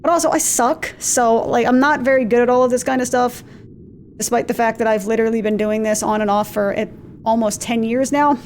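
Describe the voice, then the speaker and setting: A woman with a slightly high, steady voice hosts a let's play, chatting briskly and self-deprecatingly as she plays and getting easily sidetracked. There's slight background noise, and her desk mic has its gain lowered in software, picking up faint game music and a clicky mechanical keyboard.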